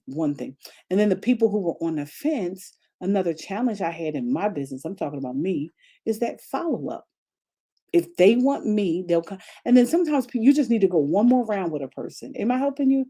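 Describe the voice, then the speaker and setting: A woman pastor delivering an energetic motivational message with a mellow, darker tone and a slightly husky edge. She drives her points home by repeating phrases and asking her listeners rhetorical questions. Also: fairly low pitch, fairly quick. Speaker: pastor and coach. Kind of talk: motivational faith talk.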